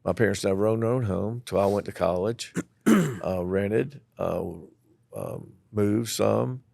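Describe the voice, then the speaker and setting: Older man, low gravelly voice, animated yarn-spinner, close and dry. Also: measured pace, no room sound. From southeastern Tennessee. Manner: animated storyteller who acts out the people in his stories. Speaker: guest, former elementary school principal. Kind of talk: storytelling interview.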